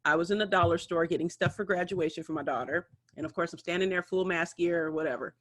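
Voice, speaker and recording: A woman co-hosting a podcast, an animated storyteller who acts out what other people said. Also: lowish voice, fast. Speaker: podcast co-host.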